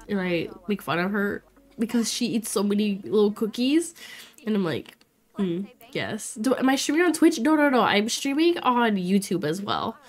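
A woman in her twenties chatting casually and bubbly with viewers while streaming a game, laughing often. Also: a little high. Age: 20s. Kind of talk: casual livestream chat while playing.

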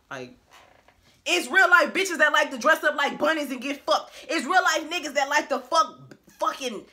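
A woman's voice: high-pitched, sharp tone. A woman vlogger delivering a blunt, profane rant to camera, talking in an emphatic way and laughing between her points.

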